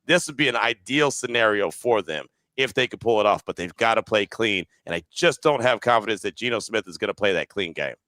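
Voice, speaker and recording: Male podcast host, bright and forceful, dry close mic, analytical and conversational. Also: lowish voice, expressive, brisk, hardly any pauses, dry recording. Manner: analytical, often ends points with "right?". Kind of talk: casual sports podcast talk.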